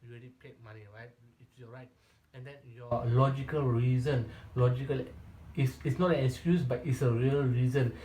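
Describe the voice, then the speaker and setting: Mellow-voiced man coaching in a roomy space. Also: medium pitch, steady tone, moderate pace, slight background noise. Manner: keeps tagging points with a questioning "right?"; repetitive and emphatic, with frequent restarts. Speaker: real estate sales coach. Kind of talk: coaching talk in a Q&A session. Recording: roomy echo.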